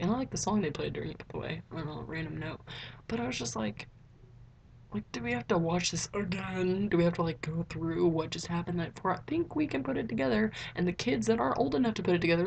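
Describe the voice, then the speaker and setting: A woman's voice: vocal fry, a little hiss or hum. Chatty young woman, rambling movie review. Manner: chatty, rambling, heavy use of "like"; expressive, swoops up in pitch when excited. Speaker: vlogger. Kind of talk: casual movie review chat.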